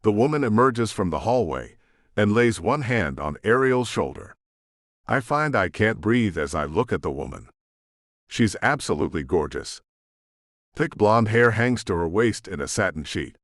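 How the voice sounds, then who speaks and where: A man narrating a romance audiobook in an expressive first-person storytelling style. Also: on the low side, normal speed, dry recording, studio quality. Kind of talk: scripted narration.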